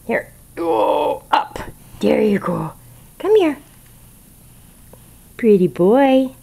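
A woman's voice: on the high side, big pitch swings, very slow, gravelly, long pauses, breathy edge. Woman cooing baby talk to a puppy. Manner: cooing, sing-song pet talk, soft whispers. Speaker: puppy breeder filming a puppy.

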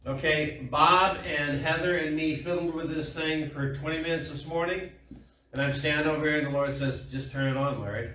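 A man's voice: on the high side, steady tone, moderate pace, pushed and bright. A middle-aged man preaching a sermon in a folksy storytelling way, trading call-and-response with his congregation. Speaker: pastor. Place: small church room. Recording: echoey room from far off.

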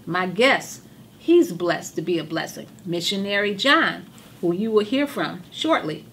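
A woman hosting a religious TV talk show, hoarse from losing her voice, speaking with fervent, repetitive emphasis. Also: lowish voice, expressive, measured pace, fairly bright tone, a little hiss or hum. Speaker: TV show host.

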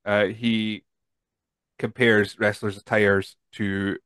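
A man's voice: on the low side, little pitch movement, slow, a bit bright, clean tone, no echo. A Scottish man hosting a podcast, chatty and tired, reading out listener questions with lots of fillers. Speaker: podcast host. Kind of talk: casual chat.

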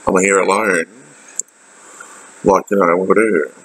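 A man with an Australian accent talking in a halting, emotional way with many fillers and restarts in a personal video diary. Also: sits low, fairly even intonation, a bit bright, low-quality recording. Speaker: vlogger.

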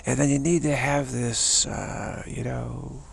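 A man giving a rambling, animated spiritual talk, slipping into different characters' voices as he goes. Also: mid-range voice, slow pace, vocal fry, a little hiss or hum. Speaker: spiritual teacher.

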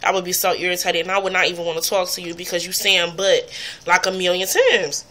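A woman's voice: lowish voice, steady tone, fast, pushed and bright. A woman vlogger ranting bluntly and profanely to camera. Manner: blunt, profane, exasperated ranting with mocking impressions. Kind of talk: casual rant to camera.

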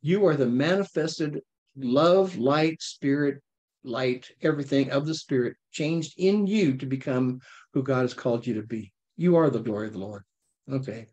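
Guy leading a bible study, easygoing, keeps asking "okay?", middle pitch. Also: normal speed. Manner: conversational, checks in with frequent "okay?"; lively, playful with listeners. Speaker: Bible teacher. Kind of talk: informal Bible study teaching.

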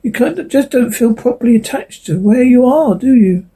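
A woman's voice: a little high, lively intonation, normal speed, mellow, slightly rough, voice pushed up. A woman voicing a frightened, fretful male autumn leaf in a storybook reading. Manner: anxious, whining.

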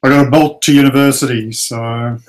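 A man's voice: medium pitch, fairly even intonation, fairly quick, noisy background. A man joining an online session as a guest over a video call, giving short, brief replies. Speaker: guest presenter.

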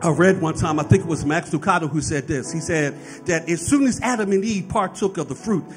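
A man's voice: fairly high pitch, a little fast, over music. A man preaching a sermon, explaining scripture and often checking in with his listeners with "right?". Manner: preaching with rising fervor, frequent "right?" asides. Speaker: pastor.

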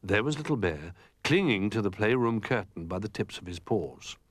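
A man reading a children's picture book aloud in an expressive, animated way. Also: fairly low pitch, normal speed, dry recording. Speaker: storyteller.

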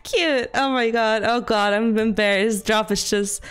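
A woman's voice: on the high side, steady tone, unhurried, smooth, soft background music. A young woman livestreaming from her room at home, chatting casually, giggling often, swearing and teasing herself. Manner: giggly, swearing, playful and self-mocking. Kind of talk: casual live-stream chat. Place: home room with the window open.

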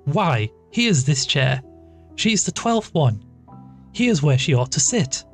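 A man voicing a hearty, mischievous young country woman who talks brisk and impatient. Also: on the high side, sing-song, soft background music, heavily acted. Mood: bossy.

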